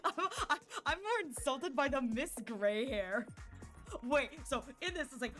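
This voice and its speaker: High-voiced giggly woman streamer. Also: animated, moderate pace, a bit bright, soft background music. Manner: chatty and giggly, lots of "like". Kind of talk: casual live-stream chat.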